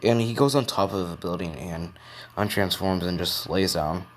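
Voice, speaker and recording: A man with a low voice tells an improvised fan story. He rambles and restarts his sentences as he goes. A faint noise sits behind him. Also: moderate pace.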